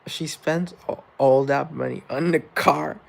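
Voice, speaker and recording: A man's voice: fairly high pitch, fairly even intonation, a little slow, vocal fry. A man hosting a live stream, chatting casually with viewers in a rambling, joking, self-deprecating way. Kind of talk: casual chat reading viewer comments.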